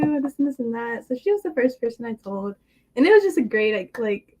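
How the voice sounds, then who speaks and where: A young woman on a podcast as a guest, telling a story in a casual, animated way and acting out the voices of friends on a video call. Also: sits high, quick pace. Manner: animated, acts out quoted friends. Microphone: computer mic on a video call.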